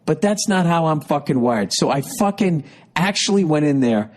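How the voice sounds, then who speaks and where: A man's voice: on the high side, animated, moderate pace. A man in his fifties, a podcast host telling a comic story in an exasperated, profane rant. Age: 50s.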